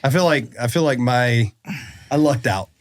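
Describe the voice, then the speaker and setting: A man hosting a podcast, chatting casually and relaxed about his service. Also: mid-range voice, normal speed, no echo, clean studio sound. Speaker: podcast host, Coast Guard veteran. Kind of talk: casual conversation.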